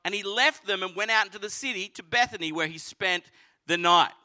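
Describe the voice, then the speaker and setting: A man preaching a sermon, telling the story with animated energy and acting out voices. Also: high-pitched, a little fast. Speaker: pastor.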